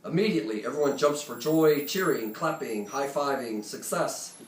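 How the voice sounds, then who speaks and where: A man's voice: medium pitch, normal speed, slight background noise. Man telling a story to a live audience. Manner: conversational, animated, joking asides. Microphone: phone or camera recording from the room. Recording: roomy, distant, faint ambience.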